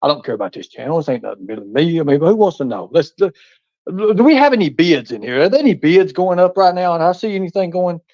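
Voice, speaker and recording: A man with a drawl brags and threatens, swearing freely as he hosts a live stream. His voice sits a bit high, and the audio is dry and dull. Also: expressive, fast talker, darkish tone, no room sound. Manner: boastful, menacing, swearing, folksy. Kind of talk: heated live stream talk.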